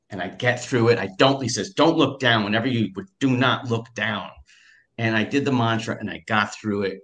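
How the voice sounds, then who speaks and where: A man in a casual interview, telling a personal story in an animated way, with many fillers, restarts and repeated words. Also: low voice.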